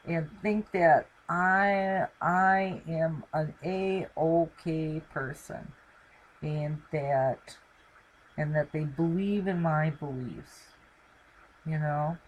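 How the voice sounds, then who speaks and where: Slow, lower-voiced woman rambling warmly. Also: rough recording. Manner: rambling, affectionate, lots of fillers. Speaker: channel host. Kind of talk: casual live-stream sign-off chat. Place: home, talking to camera with her dog.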